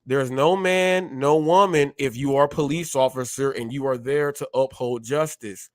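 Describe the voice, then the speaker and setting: A man hosting a live stream, talking in an animated way, often repeating himself and acting out short exchanges. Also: mid-range voice, normal speed, no room sound, studio quality. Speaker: show host.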